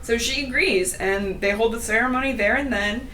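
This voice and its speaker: A woman's voice: on the high side, normal speed, pushed and bright, a little hiss or hum. A woman hosting a podcast, chatting casually through a book recap with lots of fillers and giggles. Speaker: podcast host.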